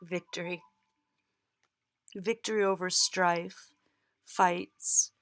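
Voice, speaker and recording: A woman's voice: fairly low pitch, little pitch movement, very slow, no room sound, clean studio sound. Tearful woman giving a tarot reading. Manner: tearful, laughing, heartfelt, reassuring. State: crying. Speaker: tarot reader. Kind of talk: emotional tarot reading to viewers.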